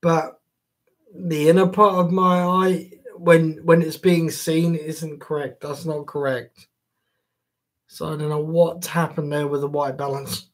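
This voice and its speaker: A man's voice: a little high, little pitch movement, unhurried. A man chatting casually to viewers on a live stream, jokey and swearing freely.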